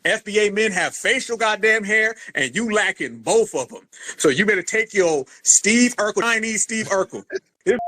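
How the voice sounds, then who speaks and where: A man hosting a live online debate, loud and combative, talking over callers. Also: high voice, expressive, moderate pace. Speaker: livestream host. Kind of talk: heated live stream debate.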